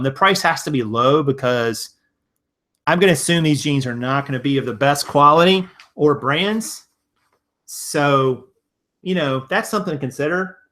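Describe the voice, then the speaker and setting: A man's voice: fairly high pitch, bright, forceful tone. A man from Virginia hosting a casual live stream, answering viewer comments in a rambling, conversational way full of restarts. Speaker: live-stream host and reseller.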